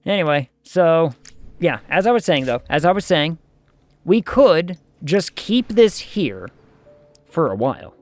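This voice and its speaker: A man's voice: fairly high pitch, very animated, unhurried, no echo, faint music behind. A man streaming a management game, chatting casually and thinking aloud as he plays.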